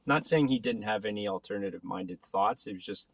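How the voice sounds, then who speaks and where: A man in his forties tells a story in a low voice, animated and loose, full of fillers, restarts and casual swearing. The sound is dry and close, with no room around him. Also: a little fast, gravelly, no echo. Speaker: personal trainer and podcast host.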